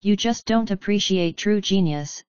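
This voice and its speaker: A man's voice: high voice, a little slow, clean tone, no room sound, dull audio. A woman voicing a wiry young man who talks in a sour, clipped way.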